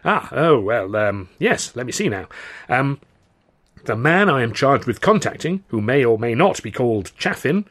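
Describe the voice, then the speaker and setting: A man voicing a polite, formal lawyer who talks in a measured, slightly hesitant way. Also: medium pitch, sing-song, a bit bright. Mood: flustered. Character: flustered formal male lawyer, polite and fussy.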